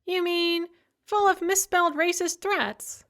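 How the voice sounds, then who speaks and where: A woman's voice: very high-pitched, steady tone, unhurried, fairly bright tone, pitched above the performer's own voice, exaggerated voice. A woman narrator voicing a supercilious, self-absorbed young woman activist who whines and talks down to others. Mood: complaining, superior. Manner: condescending, complaining.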